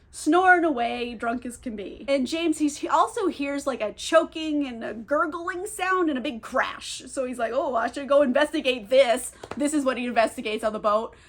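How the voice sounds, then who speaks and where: Her voice high and a bit bright, a young book reviewer walks through a novel's plot with candor and sarcasm. The telling is chatty, loaded with fillers and casual curse words.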